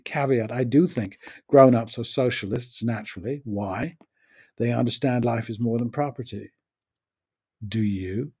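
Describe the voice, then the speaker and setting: A man's voice: mid-range voice, warm tone, slightly rough. A man in his sixties, raised in the United States, giving a wry, opinionated spoken essay on his own podcast.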